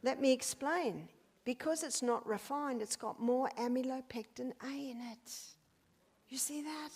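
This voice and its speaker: A woman's voice: unhurried, husky. Emphatic older woman lecturing. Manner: emphatic, rhetorical questions, lively pitch swings. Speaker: health lecturer. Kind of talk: health lecture to an audience.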